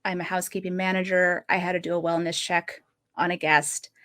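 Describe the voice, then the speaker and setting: A woman's voice: fairly low pitch, little pitch movement, fairly quick, fairly bright tone. A woman in her late thirties hosting a podcast, talking earnestly in casual conversation and often breaking into short laughs. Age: 30s. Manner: earnest, laughs often while telling a story. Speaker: podcast host.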